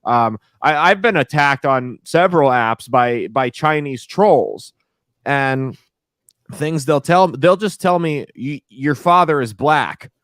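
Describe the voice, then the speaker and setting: A man co-hosting a casual podcast, telling animated, profane stories full of restarts. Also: mid-range voice, slow pace, no echo, clean studio sound. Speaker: podcast co-host.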